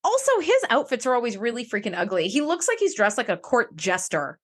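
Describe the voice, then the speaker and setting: A woman's voice: fairly high pitch, very animated, a little fast. A woman co-hosting a podcast, chatting casually about a TV episode with wry asides and jokes. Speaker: podcast co-host. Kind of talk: casual chat recapping an episode.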